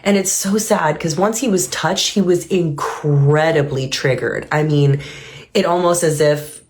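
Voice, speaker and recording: Woman, low-pitched voice, reaction commentary, earnest and reflective, thinking aloud. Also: measured pace. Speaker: reaction video host.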